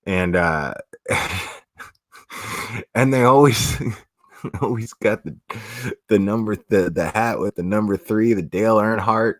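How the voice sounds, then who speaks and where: A man's voice: fairly low pitch, slow pace, pauses often, no room sound, clean studio sound. A man from South Florida with a South Florida accent, chatting casually on a livestream and answering comments in a rambling, profane way with many restarts. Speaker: streamer.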